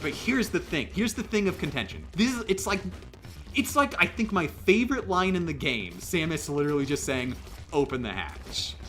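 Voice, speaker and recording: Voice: medium pitch, sing-song, a little fast, a bit bright. A livestreamer chatting casually during a game stream, rambling with lots of fillers and emphatic restarts.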